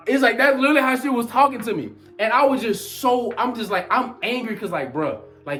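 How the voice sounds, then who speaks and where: Animated, slangy young man telling a story. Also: sits high, a little fast, few pauses, soft background music. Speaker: vlogger. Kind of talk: storytime vlog.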